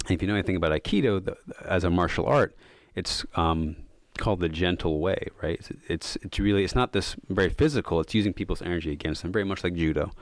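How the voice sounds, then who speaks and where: Man, deep voice, dry sound, reflective, casual storytelling, podcast guest. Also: quick pace, dry recording. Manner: thoughtful, many fillers of "like" and "um". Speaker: podcast guest, yoga and meditation coach.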